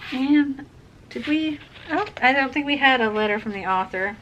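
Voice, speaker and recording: Bright-voiced woman unboxing books. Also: high-pitched, normal speed, highs cut off, a little hiss or hum. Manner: chatty and excitable, gushing over items. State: has the hiccups. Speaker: book unboxing vlogger. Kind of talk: casual unboxing chat.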